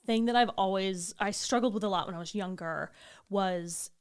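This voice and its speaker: A woman's voice: mid-range voice, normal speed, clear, resonant tone. A young woman co-hosting a podcast, telling a story in a casual chat, acting out quotes and swearing freely. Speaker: podcast co-host.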